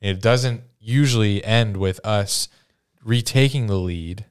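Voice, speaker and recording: A man's voice: fairly low pitch, a little slow, clear, resonant tone. A man co-hosting a fan sports podcast, rambling and correcting himself with a joking tone. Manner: rambling, self-correcting, jokey. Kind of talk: casual sports chat.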